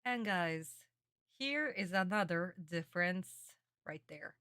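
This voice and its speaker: A woman streamer giving casual reaction commentary on an anime, animated and affectionate, calling her viewers darlings. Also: on the low side, slow pace, no room sound, studio quality.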